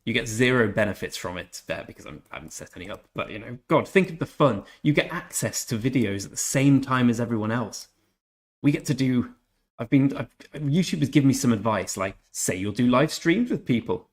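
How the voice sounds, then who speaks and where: A man's voice: medium pitch, lively intonation, a little fast. A young man giving casual, jokey commentary while live-streaming a strategy game and chatting with viewers. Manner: chatty, jokey, reads out chat messages. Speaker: gaming streamer.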